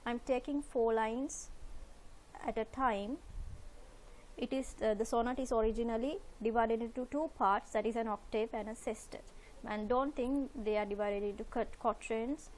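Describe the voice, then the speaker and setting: A woman's voice: on the high side, a little mellow. A woman teaching a recorded literature lesson, explaining slides patiently and methodically, repeating key points with frequent fillers.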